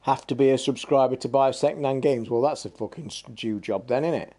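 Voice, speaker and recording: A man's voice: mid-range voice, brisk, mellow. A man hosting a gaming live stream, chatting in a rambling, blunt and sweary way. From England. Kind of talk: casual live-stream chat.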